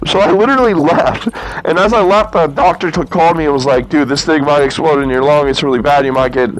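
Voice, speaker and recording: A man's voice: fairly high pitch, a little fast, poor audio. A young man who tells a long story to camera in a loose, rambling way. He often laughs and acts out what he and others said. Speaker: motovlogger.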